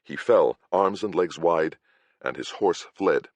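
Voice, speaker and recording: A man's voice: low voice, takes it slowly, dry recording. A man reading a first-person fantasy audiobook, with a wry storytelling manner. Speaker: audiobook narrator.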